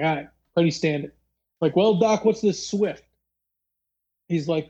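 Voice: medium pitch, mellow, dull audio. A podcast host telling a long story in casual chat, rambling with lots of fillers and acting out the other people's lines. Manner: rambling, filler-heavy, acts out dialogue.

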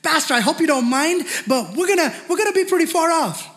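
A preacher voicing evasive churchgoers in a whiny, pleading, mocking tone, heard with long hall reverb. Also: male voice, very high-pitched, expressive, quick pace, a bit bright, voice pushed up. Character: reluctant churchgoers, mixed adult crowd, evasive.

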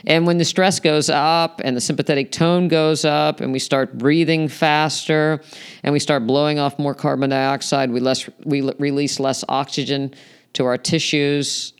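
A man's voice: on the high side, level tone, normal speed, clear, resonant tone. A man hosting a podcast, explaining health topics in a conversational way with frequent fillers. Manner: explanatory, conversational, many "you know" fillers. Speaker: podcast host. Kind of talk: solo health podcast talk.

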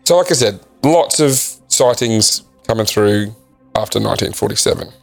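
A man co-hosting a casual podcast, reading facts from a list in a halting way with frequent ums. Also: lowish voice, lively intonation, vocal fry, soft background music. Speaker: podcast co-host. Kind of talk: casual chat.

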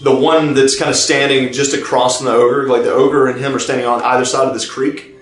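A man narrating as game master of a tabletop game, pausing and restarting as he describes scenes. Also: mid-range voice, little pitch movement. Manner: halting, many fillers and restarts while describing scenes. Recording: roomy, distant mic, faint music behind.

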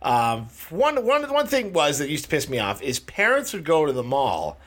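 A man chatting casually with a friend, telling animated, teasing stories. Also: on the high side, normal speed. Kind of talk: casual chat.

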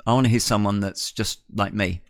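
A man's voice: on the low side, fairly even intonation, brisk. An older man with a New Zealand accent, hosting a talk radio show in a blunt, rambling monologue full of restarts. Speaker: radio host.

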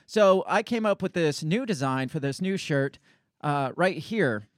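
A man's voice: fairly high pitch, expressive, a little slow, no room sound, studio quality. A man hosting a casual political podcast, rambling and blunt, swearing offhandedly. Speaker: podcast host.

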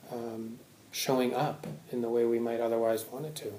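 A man's voice: medium pitch, steady tone, brisk, hardly any pauses, dark tone, echoey room, slight background noise. A man giving a Buddhist Dharma talk to a live audience, conversational, often checking in with "right?". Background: audience laughter.

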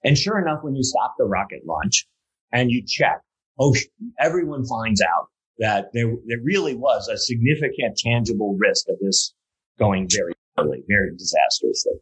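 Husky man telling a story. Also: fairly low pitch, normal speed, poor audio. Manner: animated, many fillers and restarts, builds to emphatic points. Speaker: guest speaker on safety culture. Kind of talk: conversational storytelling.

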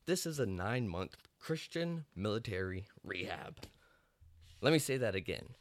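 A man's voice: lowish voice, very animated, normal speed, dry recording. A young man from the Texas Panhandle, hosting a podcast in a blunt, joking, encouraging way. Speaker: podcast host. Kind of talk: casual monologue.

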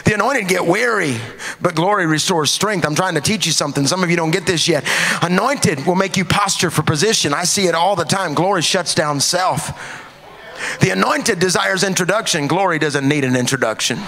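Preacher guy, high voice, really animated, gets shouty. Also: brisk. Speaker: pastor. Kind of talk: sermon.

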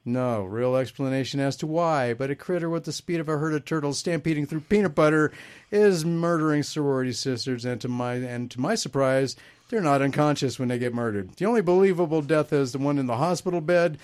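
A man's voice: fairly high pitch, fairly quick, a little mellow, smooth. A man hosting a casual movie-review podcast, reading out a plot and joking about it in a wry, laughing way. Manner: jokey, wry, laughs at his own lines. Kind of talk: casual chat.

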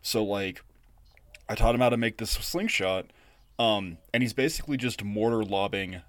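A young man with a low voice co-hosts a podcast and spins a loose, rambling story full of "like" and "um". The sound is close and dry, with no room around it. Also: moderate pace, no echo. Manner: rambling, filler-heavy storyteller. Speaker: podcast co-host. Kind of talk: casual chat, storytelling.

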